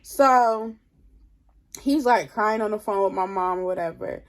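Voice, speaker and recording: A young woman telling a storytime tale in casual chat, drained and low on energy, leaning on 'like' as she talks. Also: a little slow. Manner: chatty, leans heavily on 'like'. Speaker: vlogger.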